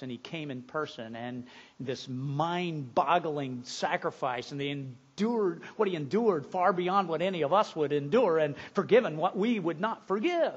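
Guy preaching a sermon, pretty high voice, goes from soft n slow to loud n excited, muffled lo-fi audio. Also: breathy edge. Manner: moves from hushed and slow to loud and emphatic. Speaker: pastor.

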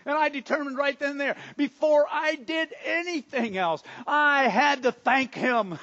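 A man playing a Samaritan leper in a first-person biblical monologue, earnest and dramatic, stammering over his words and swinging between hushed and loud. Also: extremely high pitch, measured pace, muffled recording. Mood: awed.

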